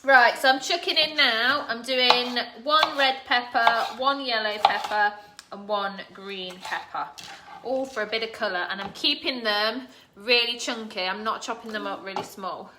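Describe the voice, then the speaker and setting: Woman, cooking vlogger, casual live chat, slightly high voice, noisy kitchen recording. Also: normal speed. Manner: chatty, laughs often, talks to live viewers. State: teary from chopping onions. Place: home kitchen.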